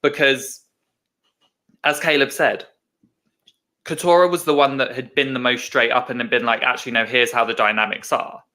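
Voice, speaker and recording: A man's voice: mid-range voice, steady tone, normal speed, pauses often, sharp tone. A man co-hosting a podcast, thinking aloud and correcting himself in casual discussion. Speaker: podcast co-host.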